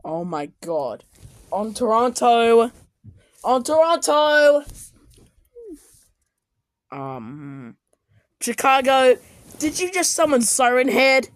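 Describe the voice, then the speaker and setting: A woman giving casual, excitable reaction commentary on animated clips, often exclaiming and shouting. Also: medium pitch, no room sound. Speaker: video commentator.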